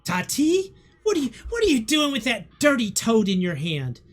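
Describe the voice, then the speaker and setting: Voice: mid-range voice, huge pitch swings, moderate pace, pitched above the performer's own voice. A storyteller voicing a cranky old witch who scolds a little girl in a tabletop game. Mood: scolding. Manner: sharp scolding.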